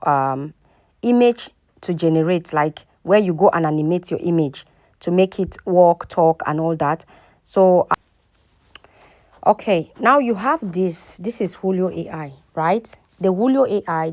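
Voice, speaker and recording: Woman, tutorial host, casual, repetitive, lowish pitch, dry sound. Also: no room sound. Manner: repetitive, instructive, often checks in with the viewer. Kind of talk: casual screen-recording tutorial.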